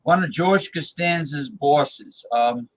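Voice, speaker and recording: Slow, rambling talk show host man. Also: on the high side, slight background noise, rough recording. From New Jersey, USA. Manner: rambling, full of hesitant fillers. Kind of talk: casual talk show chat.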